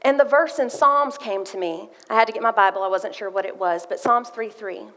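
A woman's voice: mid-range voice, brisk, fairly bright tone. A woman giving a sermon with a personal testimony, telling her story earnestly and reading scripture aloud. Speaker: church speaker sharing a testimony. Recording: long hall reverb.

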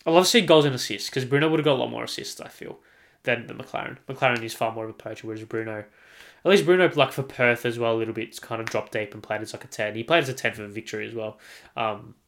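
An Australian man holds forth alone on his podcast, hammering his points home by saying them again and again. He talks at a middling pitch and swears without a second thought. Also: fast, vocal fry, fairly bright tone. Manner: emphatic, repeats himself, swears freely. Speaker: podcast host. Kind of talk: solo sports podcast rant.

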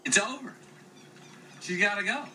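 An actor playing a laid-back man with a slow Southern drawl, explaining to his buddies why he is ending things. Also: sits high, bright, forceful tone. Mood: exasperated. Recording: distant movie clip with water noise. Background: water and outdoor ambience.

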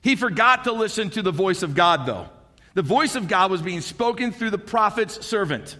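A man preaching a sermon in an animated, conversational way, with frequent rhetorical questions to the congregation. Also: sits high, moderate pace, long reverb tail.

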